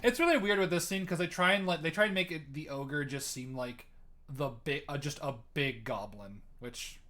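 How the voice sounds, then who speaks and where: Man, podcast host, casual chat, rambling, hedging, fairly high voice. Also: normal speed, sharp tone.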